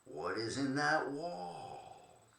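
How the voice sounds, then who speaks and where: A man's voice: on the high side, big pitch swings, very slow, gravelly, fairly bright tone, reverberant, far from the mic, exaggerated voice. A man voicing two folksy Cajun joke characters in a put-on drawl while telling a joke. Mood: joking.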